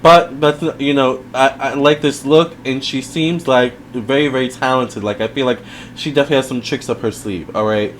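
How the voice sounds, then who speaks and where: A man's voice: medium pitch, steady tone, moderate pace, slight background noise. A man giving a casual video review, chatty and rambling, with lots of fillers and side remarks. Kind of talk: casual commentary.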